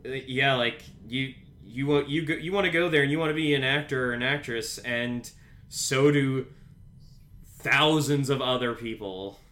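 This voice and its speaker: A man co-hosting a casual podcast, walking through an episode's plot in a loose, rambling way. His voice is bright and forceful, at an ordinary pitch, and he stops often for fillers and restarts. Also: moderate pace. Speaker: podcast co-host. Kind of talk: casual show recap chat. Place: home, a pet cat nearby.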